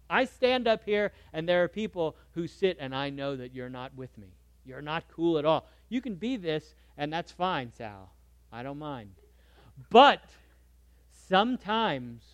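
A man preaching a sermon in a conversational way, moving between soft asides and lively emphasis. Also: on the high side, moderate pace, clean tone, dry recording. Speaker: pastor.

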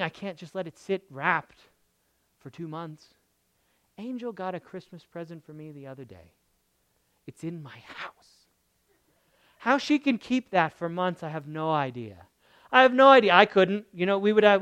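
Pastor mid-sermon; emphatic, repeats key phrases, swings loud to hushed; dry sound. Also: mid-range voice, dry recording. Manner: emphatic, swinging between loud bursts and soft murmurs.

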